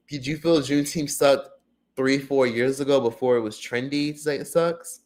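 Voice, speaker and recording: Excitable, foul-mouthed man hosting a livestream. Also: measured pace. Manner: profane, excitable, swings from loud bursts to low mutters. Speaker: livestream host. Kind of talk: casual livestream chat, reading viewer comments.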